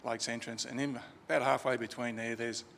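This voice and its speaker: A gravelly-voiced man tells an anecdote at a funeral in a loose, chatty way, stopping and restarting as he goes. He speaks into a lectern mic in a chapel with a long reverb tail. A faint room hum sits behind him. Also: medium pitch, flat delivery, fairly quick, fairly bright tone. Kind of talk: informal storytelling eulogy. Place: crematorium chapel.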